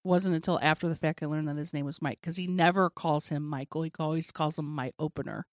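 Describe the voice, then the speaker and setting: Woman in her forties, animated storyteller. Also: deep voice, fast talker, dry recording, clean studio sound. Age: 40s. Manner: animated storyteller, acts out quotes, laughs often. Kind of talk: casual storytelling chat.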